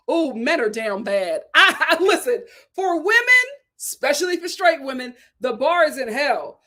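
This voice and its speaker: A woman giving casual, sassy commentary as a show reviewer, animated and laughing often. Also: high voice.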